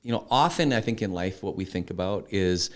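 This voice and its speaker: A man's voice: sits low, a little fast. A man in his fifties telling stories as a podcast guest, chatty and full of restarts and asides. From Canada. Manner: lively anecdotes with frequent restarts and "you know". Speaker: podcast guest, country singer. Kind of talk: casual storytelling interview.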